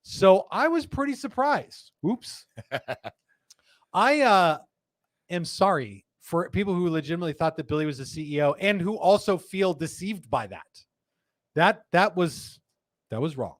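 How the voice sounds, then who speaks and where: A man's voice: on the high side, expressive, normal speed, pauses often, no room sound, studio quality. A middle-aged man hosting a live podcast, chatting casually, laughing often and reading viewer comments aloud. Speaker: podcast host. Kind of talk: casual live-show chat.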